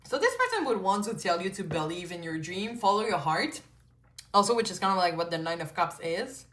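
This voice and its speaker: A French-native woman gives a casual pick-a-card tarot reading, chatty, swearing often and full of "like" and "you know." Her voice is fairly low and a bit bright, very animated and a little fast.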